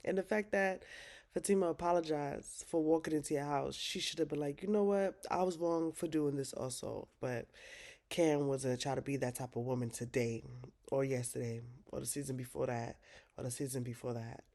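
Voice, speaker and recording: A woman's voice: very deep voice, steady tone, brisk, a little mellow. A woman vlogger recapping a TV drama episode in casual, slangy talk, swearing freely.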